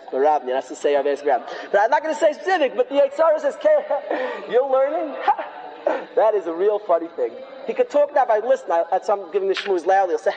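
A man preaching an excitable, folksy sermon sprinkled with Hebrew and Yiddish terms. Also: high-pitched, muffled recording. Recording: long hall reverb.

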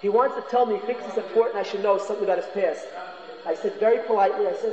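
A man with a rather high voice gives an informal Torah lecture, earnestly circling back and repeating his points. The sound is dull and lo-fi, and the long reverb of a big echoey hall hangs around every word. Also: very fast, darkish tone. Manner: earnest, repeats phrases for emphasis. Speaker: Torah class teacher.

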